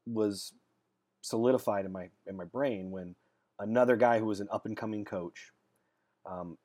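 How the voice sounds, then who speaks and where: A man's voice: fairly low pitch, a little mellow. Rambling, straight-talking male dating coach. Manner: rambling storyteller, repeats words as he restarts. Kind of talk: casual monologue to camera.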